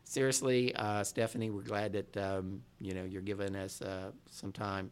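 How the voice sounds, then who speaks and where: A man's voice: on the low side, level tone, clear, resonant tone. A man hosting a podcast, reading out listener thanks and chatting casually, with many fillers. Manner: halting, many fillers, laughs easily. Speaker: podcast host. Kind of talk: casual chat.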